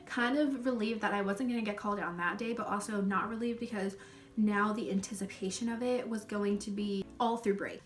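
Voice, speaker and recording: A woman's voice: mid-range voice, sharp tone, far from the mic. A young woman animatedly retelling a school story on her vlog, with swearing and lots of "like". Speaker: vlogger.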